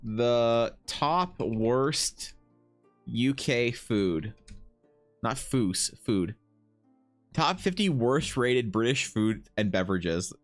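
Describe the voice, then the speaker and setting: Taking his time in a mid-range voice, a male streamer from Ukraine chats casually while soft music plays. He reads aloud, riffing with lively fake outrage and plenty of profanity.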